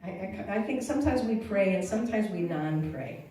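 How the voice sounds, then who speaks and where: A woman giving a reflective, halting church talk on grief, with frequent restarts and sighs. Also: medium pitch, expressive, warm tone. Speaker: guest speaker. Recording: echoey room from far off, faint noise.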